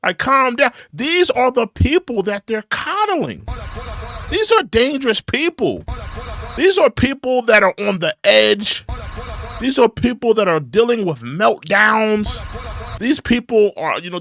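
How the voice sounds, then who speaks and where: A man's voice: high-pitched, fairly bright tone. A young man hosting an opinionated commentary show, ranting in an indignant, repetitive way. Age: young adult.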